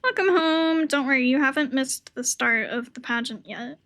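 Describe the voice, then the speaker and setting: A woman's voice: sits high, steady tone, moderate pace, fairly bright tone. A woman live streamer chatting casually and swearing loosely while playing a game, with a sore throat and a cough drop in her mouth.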